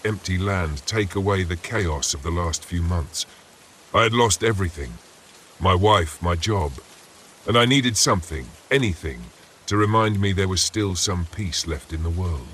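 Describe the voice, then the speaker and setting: A man with a very deep voice tells a first-person horror story in a steady, measured narration. Faint rain patters behind him. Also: a little hiss or hum.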